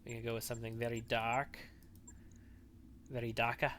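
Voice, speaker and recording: A man's voice: medium pitch, flat delivery, normal speed, a bit bright, a little hiss or hum. Man musing through gameplay choices. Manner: thinks aloud, musing and wavering over choices. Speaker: let's play host. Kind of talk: gameplay commentary.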